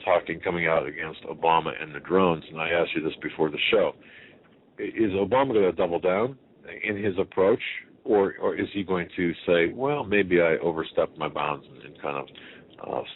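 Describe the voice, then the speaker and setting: Very deep-voiced male talk radio host. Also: normal speed, breathy edge. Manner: emphatic, rambling with restarts and rhetorical questions. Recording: tinny phone-line sound with faint hiss.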